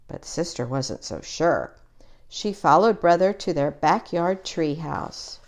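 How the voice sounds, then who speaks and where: Animated woman reading a storybook. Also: low voice, slow. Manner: animated, voicing each character in turn. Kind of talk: reading a children's picture book aloud.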